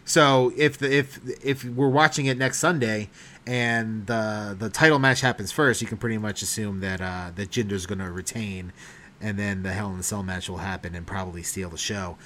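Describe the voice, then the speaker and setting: A man's voice: lowish voice, fairly even intonation, moderate pace, pushed and bright. A man co-hosting a podcast, talking things through casually with frequent hedges and fillers. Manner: thoughtful, hedging, laughs often. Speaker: podcast co-host. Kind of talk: casual chat.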